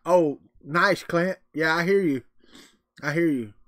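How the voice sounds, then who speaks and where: A middle-aged man with a drawl talks in a folksy, chatty way, reacting to his live chat between thoughts. His voice sits a little high for a man. The sound is dry and close, with no room echo. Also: takes it slowly, a bit bright. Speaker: livestream host. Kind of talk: casual live-stream chat.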